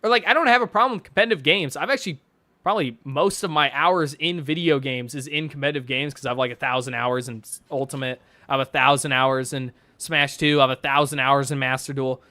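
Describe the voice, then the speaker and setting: Talking fast in a mid-range, bright and forceful voice with no echo, a young man reads donations during a casual stream. He rambles, curses, laughs a lot, and leans heavily on fillers.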